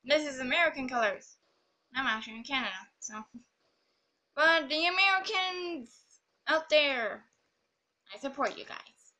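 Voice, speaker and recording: A woman's voice: sits high, unhurried, pauses often, bright, forceful tone. A woman rambling and joking through casual gameplay commentary. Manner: rambling, silly and jokey. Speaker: gamer.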